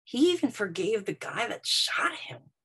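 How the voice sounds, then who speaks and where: A woman voicing a young schoolgirl who talks softly and hesitantly. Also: mid-range voice, sing-song, unhurried, slightly rough, exaggerated voice. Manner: soft, hesitant.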